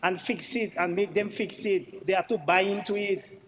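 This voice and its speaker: A man's voice: high-pitched, fairly even intonation, normal speed, big-room sound, a little hiss or hum, rough recording. A Dominican man, a member of parliament, giving an emphatic debate speech in the chamber and repeating himself for stress.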